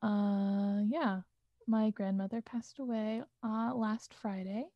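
A young woman in her twenties co-hosting a casual podcast, relaxed and quick to laugh. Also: medium pitch, dry recording, highs cut off. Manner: laughs often, drawn-out, relaxed delivery. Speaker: podcast co-host, music student.

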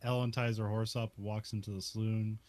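A man's voice: fairly low pitch, little pitch movement, a little fast, a little mellow. A man casually recapping a western movie scene by scene, laughing often and filling his talk with "like". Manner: laughs often, many "like" fillers.

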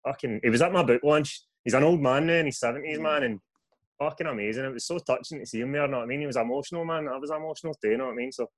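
A young Scottish man, a guest author, telling his story in a sweary, animated podcast chat. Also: medium pitch, very fast. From Scotland.

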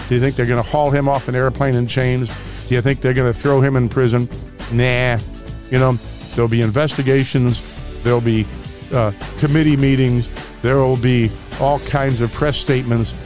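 A man's voice: medium pitch, level tone, brisk, darkish tone, faint music behind. A man in his sixties from St. Louis, Missouri, hosting a political talk radio show in a combative, sarcastic way, with mocking asides. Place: radio studio.

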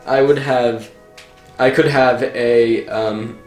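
Man, tabletop player, slow hesitant speech, echoey room. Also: medium pitch, steady tone, darkish tone. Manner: hesitant, halting, laughs often. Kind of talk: tabletop game chat. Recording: echoey room, music faint.

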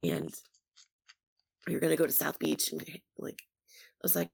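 Young woman, early twenties, gravelly, lower voice, casual storytelling, lots of "like". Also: lively intonation, normal speed, pauses often. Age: early 20s. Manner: chatty, lots of "like", acts out quotes.

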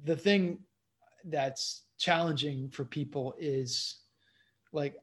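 A man's voice: a little high, takes it slowly, a bit bright. A man who works as a comedian, chatting loosely as a podcast guest, leaning on fillers and playful asides. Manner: loose, rambling, leans on "you know" and "like"; playful and joking. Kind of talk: casual interview chat.

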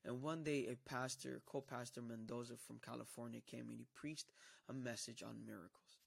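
A man's voice: mid-range voice, fairly even intonation, moderate pace, creaky, breathy edge. A man giving a personal testimony to a church, telling his story with emphasis and acting out the dialogue.

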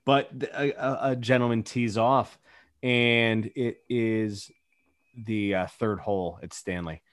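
A man's voice: medium pitch, slow pace, no room sound. A young man in casual chat as a podcast co-host, telling stories animatedly and acting out quotes. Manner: animated storyteller, acts out quotes.

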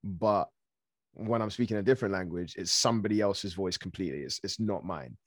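A man from Africa, an actor guest, telling stories in a lively, casual way, laughing often and swearing now and then. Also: low voice, a little fast, no echo, studio quality. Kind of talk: casual storytelling.

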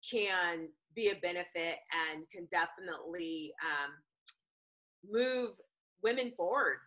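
A woman's voice: fairly low pitch, sharp tone, low-quality recording. A woman co-hosting a casual live-streamed chat, talking earnestly with many fillers and restarts. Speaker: co-host.

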